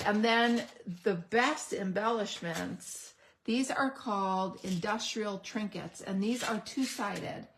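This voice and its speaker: A middle-aged woman walks through new craft supplies at an unhurried pace. She gets excited over each piece and stops to search for the right word. A faint hiss sits under her voice. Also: mid-range voice. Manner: enthusiastic, gushing over products; thinks aloud, pauses to find words. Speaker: crafting video host. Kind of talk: unboxing product demo.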